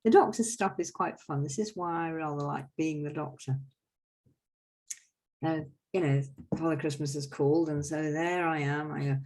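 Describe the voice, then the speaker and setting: A woman's voice: low voice, moderate pace, creaky, rough recording. Chatty woman explaining folk customs. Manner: chatty, wry asides, lively explanations. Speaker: host. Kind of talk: casual storytelling talk.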